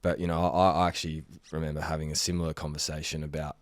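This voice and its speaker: A man hosting a podcast, talking in a relaxed, matey way and swearing casually. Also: very deep voice, fast, no room sound. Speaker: podcast host. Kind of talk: casual interview chat.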